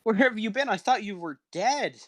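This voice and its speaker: A man's voice: high voice, animated, moderate pace, a bit bright, dry recording, pitched above the performer's own voice. A man playing an ancient hunched old man. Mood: surprised, welcoming.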